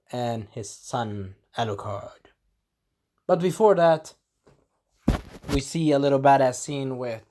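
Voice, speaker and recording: A man giving a casual spoken episode recap, animated and breaking into character voices, clearing a scratchy throat. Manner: animated, acts out characters in sudden high voices. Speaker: video reviewer.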